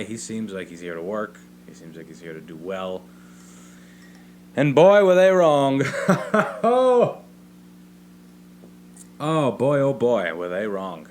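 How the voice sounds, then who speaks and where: A young man talks alone into a mic in a home basement, telling a rambling, profane story and tagging his points with "right?". His voice sits very low and easygoing. A faint hum runs underneath. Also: a bit bright. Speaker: podcast host. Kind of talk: solo comedic podcast monologue.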